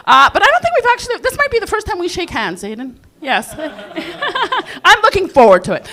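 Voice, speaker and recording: A woman's voice: extremely high pitch, huge pitch swings, moderate pace, few pauses, bright, forceful tone. A woman hosting an open mic comedy night, upbeat and rallying the crowd between acts. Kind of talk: live stand-up emcee patter.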